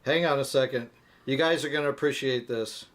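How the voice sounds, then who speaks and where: A man's voice: mid-range voice, fairly quick, a bit bright. A middle-aged man co-hosting a casual live-stream chat, rambling and telling jokes while he acts out the voices in them. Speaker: co-host of a live motorcycle chat.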